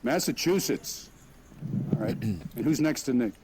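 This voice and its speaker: Animated, joking man at a meet and greet. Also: mid-range voice, measured pace, a little hiss or hum. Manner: jokey, friendly banter. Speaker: guest actor at a virtual meet and greet. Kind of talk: casual Q&A chat. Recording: voice chat with crowd chatter behind. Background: crowd chatter.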